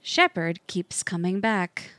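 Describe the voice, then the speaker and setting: Woman storyteller, lively pitch, very dry close sound, middle voice. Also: slow, no room sound. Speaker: narrator. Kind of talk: scripted story narration.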